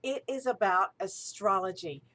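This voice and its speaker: Woman, archpriestess type, eager and chatty in a casual teaching talk, mid-range pitch. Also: normal speed, fairly bright tone. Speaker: archpriestess and ritual director.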